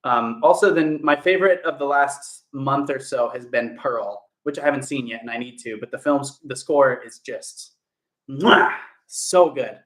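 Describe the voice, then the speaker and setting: A man's voice: medium pitch, moderate pace, hardly any pauses, a bit bright. Upbeat chatty young man, echoey room. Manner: chatty and upbeat, greeting viewers by name. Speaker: actor hosting a livestream. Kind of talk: casual livestream chat answering viewer comments. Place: indoor home room.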